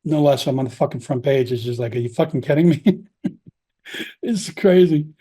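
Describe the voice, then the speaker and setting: Profane, husky-voiced man telling a story. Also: medium pitch, normal speed. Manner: profane, blunt, animated storytelling. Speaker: podcast guest recounting his prison time. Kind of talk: casual storytelling interview.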